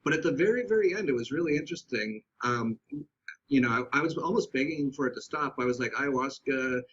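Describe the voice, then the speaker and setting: A man as a podcast guest, telling a candid personal story in a reflective, halting way with many restarts. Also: medium pitch, animated, a bit bright, lo-fi sound.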